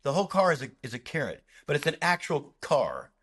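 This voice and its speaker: A man's voice: a little high, big pitch swings, a little fast, a bit bright, slightly rough. A male comedian, a guest on a podcast, chatting casually in rambling stories and acting out other people's lines. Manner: rambling storyteller, acts out quoted voices. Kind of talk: casual interview chat.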